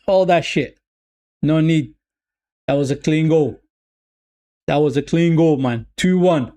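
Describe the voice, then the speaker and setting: A man's voice: fairly high pitch, measured pace, long pauses. A man streaming a live football watch-along, calling the play loosely, repeating lines and talking straight to his viewers. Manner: excitable, talks to viewers as "people".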